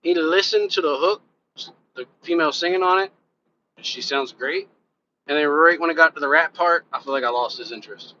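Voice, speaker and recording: Casting note: man, live-stream host, bright and fairly high voice, loose rambling delivery, lo-fi audio. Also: fairly quick. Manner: loose, rambling, curses casually, talks straight to viewers. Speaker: reaction channel host and rapper. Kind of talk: casual live-stream chat. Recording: dull lo-fi sound with faint background noise.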